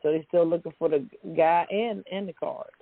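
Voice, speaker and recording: Co-host with a husky voice, casual and giggly, on a close, dry phone line. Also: medium pitch, steady tone, dry recording. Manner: laughs easily, halting with restarts. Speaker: talk show co-host. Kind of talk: casual chat, reading news.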